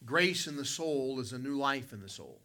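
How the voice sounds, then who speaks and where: Bright-voiced preacher telling a folksy story. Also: male voice, lively intonation, normal speed. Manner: folksy, vivid storyteller who addresses listeners by name; swings between loud emphatic lines and quiet low asides. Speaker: pastor. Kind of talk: sermon with personal storytelling.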